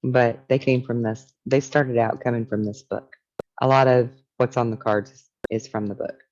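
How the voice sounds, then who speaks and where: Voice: medium pitch, little pitch movement, moderate pace, darkish tone, muffled recording. A spiritual teacher talking casually and reflectively, reading from a book and musing on its ideas.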